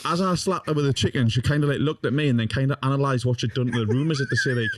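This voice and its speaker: A man's voice: medium pitch, rapid-fire. A young man, a podcast guest, telling a funny story in casual talk, swearing often and laughing as he goes. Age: young adult.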